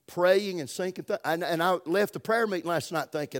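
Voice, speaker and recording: A man's voice: a little high, expressive. Folksy Southern preacher man. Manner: folksy, emphatic, drawn-out preaching with sudden loud and soft turns. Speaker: pastor. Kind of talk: sermon.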